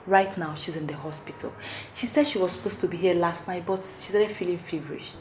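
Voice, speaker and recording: A woman playing a hushed Nigerian friend in a noisy room. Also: on the low side, fairly quick, roomy sound, close to an everyday voice. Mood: worried. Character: bride's friend bringing bad news.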